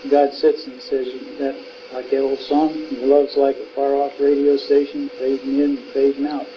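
A man's voice: mid-range voice, monotone, normal speed. A man chiming in plainly during a church discussion, offering sayings and a line from an old song. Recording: dull lo-fi sound with faint noise.

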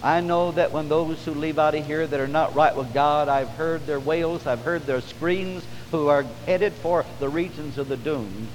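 A male preacher delivers a revival sermon, his voice pitched a bit high and swelling with fervor on drawn-out phrases. He is recorded in a church with a long, ringing reverb. A faint hum sits underneath. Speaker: pastor. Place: church service.

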